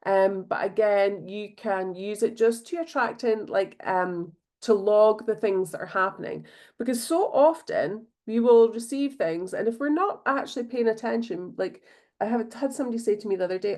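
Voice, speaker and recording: A woman's voice: medium pitch, moderate pace, a little mellow. A Scottish woman hosting a solo podcast, talking in a bubbly, chatty way with many fillers. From Scotland. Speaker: podcast host. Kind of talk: casual solo podcast talk.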